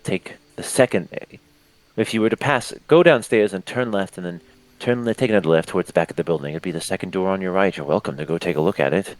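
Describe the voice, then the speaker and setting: A man's voice: deep voice, fast talker, no room sound, lightly acted, rough recording. A man doing a stammering nervous doctor. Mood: helpful. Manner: stammering, hesitant. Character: nervous sweaty middle-aged male doctor.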